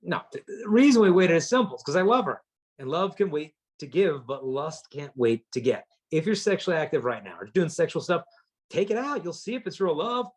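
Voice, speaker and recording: A man's voice: on the high side, brisk. A man giving a storytelling talk to teenagers, punchy and humorous, acting out the people in his stories. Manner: lively storyteller acting out quotes; punchy, humorous delivery to teens. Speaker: chastity speaker.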